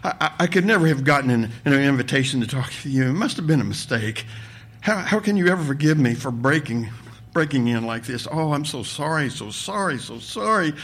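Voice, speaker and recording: A man's voice: mid-range voice, lively intonation, fairly quick, fairly bright tone, husky. A man playing a stammering, blubbering man who grovels and apologizes over and over. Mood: groveling. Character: nervous groveling man, stammering and self-abasing.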